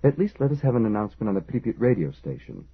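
A man's voice: fairly low pitch, very animated, quick pace, slightly rough, pitched above the performer's own voice, exaggerated voice. Man voicing an urgent, insistent engineer. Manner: urgent, pressing. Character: insistent worried male plant engineer. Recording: lo-fi phone-like audio.

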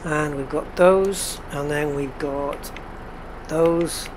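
A gaming channel host from northeast England, with only a faint trace of that accent, chats casually while playing a truck game, talking to himself and answering viewers. His voice sits on the high side with a steady tone, and he speaks extremely slowly over background noise.

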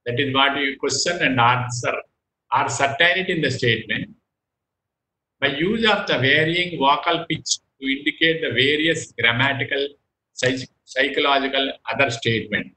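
A man's voice: medium pitch, normal speed, bright, forceful tone, roomy sound, a little hiss or hum, low-quality recording. A man giving a recorded medical lecture, often repeating phrases and restarting his sentences.

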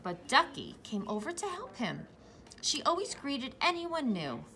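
A young woman who teaches preschool reads a picture book aloud to young children. Her voice is bright and sing-song, rising and falling a lot. She speaks slowly and encouragingly. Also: high-pitched, wildly swooping pitch, creaky, a little hiss or hum.

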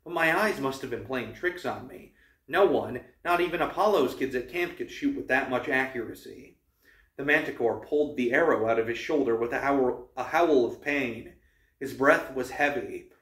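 A man's voice: mid-range voice, normal speed. Man reading a novel aloud, roomy echo. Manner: steady narration with small stumbles. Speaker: channel host reading a novel. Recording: roomy, distant mic.

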